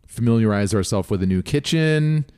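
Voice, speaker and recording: A man co-hosting a relaxed podcast, his voice rising and falling freely as he chats. He keeps it light and teasing, with an easy, conversational flow. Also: mid-range voice, normal speed, clean tone. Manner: easygoing, teasing, lively intonation. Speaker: podcast co-host. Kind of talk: casual chat.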